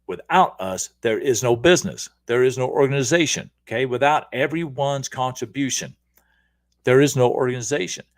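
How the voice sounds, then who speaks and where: Upbeat coach with a dry close sound. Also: male voice, mid-range voice, normal speed, no room sound. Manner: energetic, repetitive, checks in with "okay?". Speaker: leadership coach and show host. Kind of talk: casual livestream talk to viewers.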